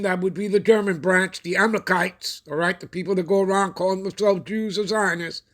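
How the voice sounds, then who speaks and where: Man, high voice, prophecy channel host, reads news and scripture aloud, keeps asking listeners if they follow, stops to look things up. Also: steady tone, fairly bright tone. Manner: checks in with listeners constantly ("all right?", "okay?"); pauses while looking things up. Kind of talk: reading news and scripture with commentary.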